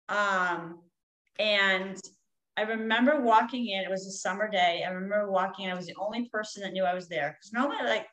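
A woman's voice: mid-range voice, fairly bright tone, low-quality recording. A woman, a coach, telling a personal story in a candid, rambling way with frequent fillers.

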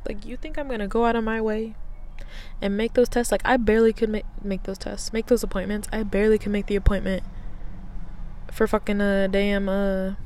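A woman's voice: medium pitch, flat delivery, fairly quick, darkish tone, a little hiss or hum. A woman in her twenties hosting a casual solo podcast, rambling and swearing a lot in an offhand, self-mocking way. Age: 20s. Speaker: podcast host.

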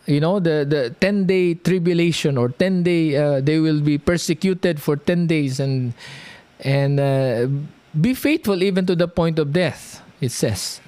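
Lively slow-talking preacher man. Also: on the high side, dry recording. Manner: lively, animated, drawn-out delivery, frequent "okay?" check-ins. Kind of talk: sermon teaching.

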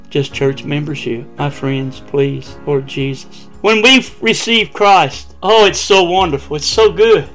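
An older man preaching a sermon as pastor, fervent, swinging from hushed lines to shouted praise. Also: high voice.

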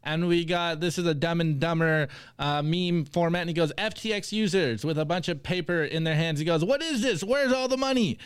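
A man co-hosting a casual podcast, upbeat as he reads out memes and gives shout-outs. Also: fairly high pitch, steady tone, brisk, hardly any pauses, clear, resonant tone, no room sound. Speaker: co-host presenting the meme segment.

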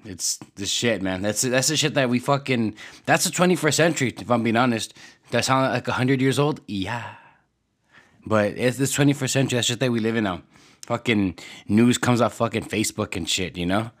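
A man's voice: mid-range voice, normal speed. A man ranting casually on a podcast, swearing constantly and rambling with lots of filler words. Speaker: podcast host.

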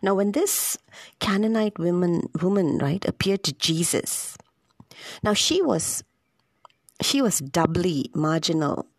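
A woman's voice: lowish voice, lively intonation, takes it slowly, no echo. A woman giving an informal, conversational scripture reflection, thinking aloud and repeating words as she goes.

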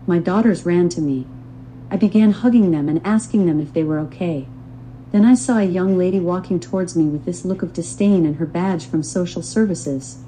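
A woman's voice: lowish voice, mellow, a little hiss or hum, low-quality recording. An older woman reading her own memoir aloud in an earnest, devout testimonial manner. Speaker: memoir author and narrator.

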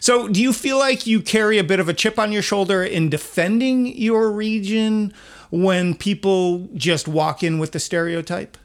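A man's voice: sits high, moderate pace, clean tone. A male interviewer in a casual chat, asking long, chatty questions and inviting listener feedback. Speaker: interviewer host.

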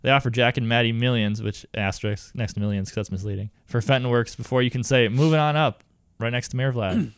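A man's voice: medium pitch, fast, clean tone, no room sound. A man co-hosting a casual podcast, chatting and laughing as he recaps an episode and quotes the characters. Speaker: podcast co-host.

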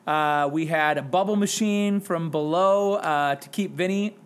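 Male guest, teacher, lively self-mocking storyteller, voice a bit higher than most. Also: measured pace, smooth. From Wisconsin, US. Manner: self-deprecating, animated storyteller. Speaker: podcast guest, high school English teacher. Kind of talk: casual podcast chat, storytelling.

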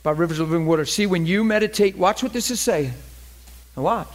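High-voiced man teaching scripture. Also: fairly quick. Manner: earnest, keeps checking listeners follow. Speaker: Bible study teacher. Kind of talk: informal Bible study teaching.

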